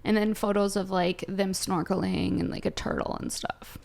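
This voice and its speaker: A young woman comedian from Southern California, chatting casually and ranting in a brash, profane way with sudden loud jumps. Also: mid-range voice, sing-song, moderate pace, creaky. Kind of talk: casual chat, answering viewer questions.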